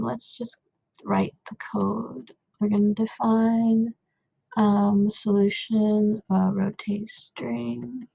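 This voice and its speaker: Gravelly, husky young woman explaining code. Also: medium pitch, mellow, no echo, highs cut off. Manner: rambling and self-deprecating, many fillers. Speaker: coding tutor. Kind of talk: casual coding walkthrough. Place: home.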